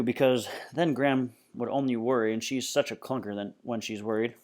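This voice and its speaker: Low-voiced man reading a novel aloud. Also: fairly even intonation, fast talker, few pauses. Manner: casual first-person storytelling. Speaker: reader.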